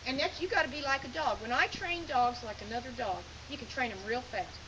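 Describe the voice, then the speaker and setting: High-voiced folksy woman coaching outdoors. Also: brisk, dull audio, noisy background. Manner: folksy, direct, giving commands. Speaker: sheepdog training instructor. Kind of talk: hands-on coaching lesson. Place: outdoors in a sheep field.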